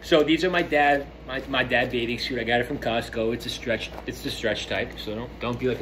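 A man's voice: mid-range voice, fairly even intonation, brisk, few pauses, a bit bright, slight background noise. A man talking casually to his viewers while walking around his home, rambling and chatty, filmed on a phone. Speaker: vlogger. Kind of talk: casual vlog chat. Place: at home, indoors. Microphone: phone held while walking.

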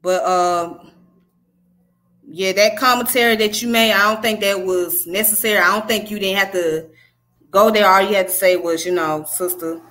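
A woman with a Southern US accent who talks fast and casually, teaching history on a live stream and chatting to her viewers. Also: mid-range voice, fairly even intonation, a bit bright. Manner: fast-talking, conversational, says "you know what I'm saying". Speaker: livestream host teaching history.

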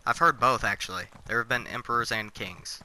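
A man's voice: mid-range voice, brisk, pushed and bright, slight background noise, low-quality recording. A man giving casual let's-play commentary, confused and blunt, swearing freely. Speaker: gamer, let's-play host. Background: faint game music.

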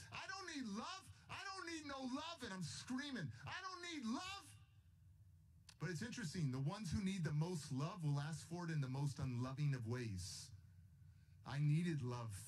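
A man's voice: a little high, a little mellow, breathy edge. A man giving a motivational speech, telling his story in a passionate, emphatic way. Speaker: motivational speaker.

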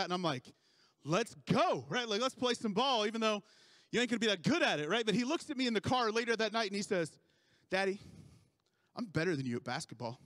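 Pastor, man, 30s, high voice, dry close sound, playful self-mocking storyteller. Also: a bit bright, no echo. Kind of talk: sermon.

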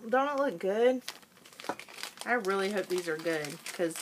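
A woman's voice: mid-range voice, lively intonation, measured pace, noisy background. A woman vlogger chatting casually through a product haul at home, talking while she eats.

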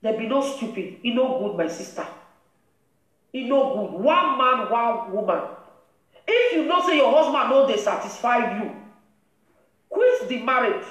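A woman's voice: a little high, sing-song, unhurried, long pauses, fairly bright tone. A woman with a Nigerian Pidgin English accent, hosting a live-stream commentary and lecturing another woman in a scolding, preachy way. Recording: very echoey room.

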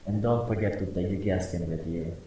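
A man's voice: sits low, a little fast, dark tone. A man voicing a male radio survivor with a Russian accent, giving urgent instructions from far off in a noisy, echoey game mix. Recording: distant echoey game audio with noise.

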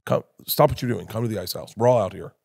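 A man's voice: lowish voice, quick pace, creaky, slightly rough. A man spins long, rambling anecdotes on a podcast as a comedian guest. He acts out the voices of everyone in his stories and keeps breaking into laughter as he goes. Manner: loud rambling storyteller, acts out others' voices, laughs often. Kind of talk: casual podcast storytelling.

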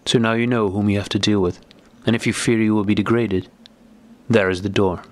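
A man's voice: fairly low pitch, steady tone, fairly quick, close to an everyday voice. A man voicing a gaunt, sickly man who is angry, suspicious and abrupt, in an audiobook. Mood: agitated.

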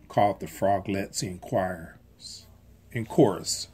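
Volunteer storybook reader, slow, expressive, breathy tone, lively pitch, children's read-aloud.

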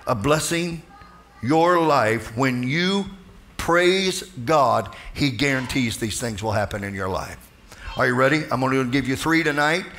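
A male pastor delivers a fervent sermon and keeps calling out to his congregation for responses. His voice sits a little higher than most men's. A faint hiss of noise runs behind him. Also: a bit bright. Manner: fervent preaching with call-and-response.

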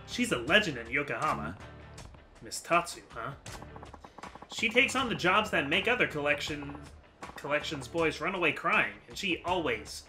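Chummy older informant in a game, voiced by a man; raised pitch, lively. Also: moderate pace, faint music behind, full character voice. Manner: folksy, calls others "boy".

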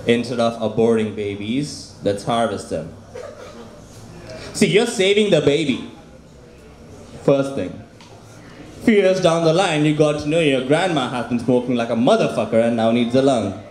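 A man's voice: a little high, moderate pace, long pauses, darkish tone, a little hiss or hum. A man performing a stand-up set at an open mic, repeating each punchline with crude humor. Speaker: stand-up comic. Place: small open mic venue. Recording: echoey room.

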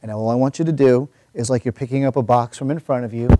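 A man's voice: medium pitch, quick pace, warm tone, no room sound. A man who is a fitness trainer, out of breath as he talks someone through exercises. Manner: giving instructions while exercising. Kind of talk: coaching a workout while talking.

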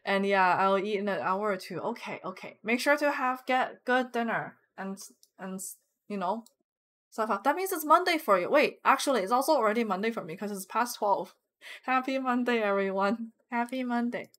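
With music in the background, this young streamer plays a game and talks casually with her audience, reading their messages aloud and giggling frequently. She speaks at normal speed in a somewhat bright voice on the high side.

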